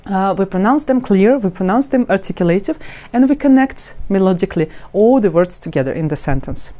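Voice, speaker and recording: Speaking to camera about pronunciation, a female language teacher uses a soft, expressive, mid-range voice. Her explanations halt and restart with plenty of fillers, while she models each word slowly and in a melodic way.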